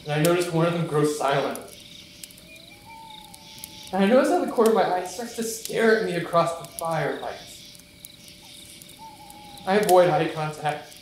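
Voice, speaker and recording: A man's voice: sits high, slight background noise. A man playing a remorseful apostle Peter in an earnest stage monologue, telling his story in the first person. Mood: uneasy. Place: church stage. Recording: echoey church hall, mic far off.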